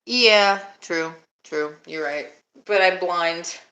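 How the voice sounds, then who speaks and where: A woman's voice: lowish voice, slow, sharp tone, low-quality recording. A young woman from Alabama chatting casually on a live stream, laughing often and swearing freely.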